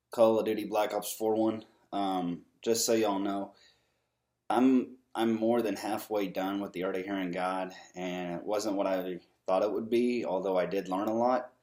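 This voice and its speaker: A man's voice: sits low, a little mellow. A man vlogging a casual, earnest rant to camera, rambling with many ums and restarts, frustrated but upbeat.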